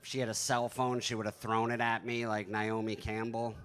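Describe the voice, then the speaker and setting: A man's voice: fairly low pitch, level tone, moderate pace, fairly bright tone, smooth. A man in his thirties doing stand-up, telling stories in a conversational, profane, self-deprecating way. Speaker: stand-up comedian. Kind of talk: stand-up storytelling.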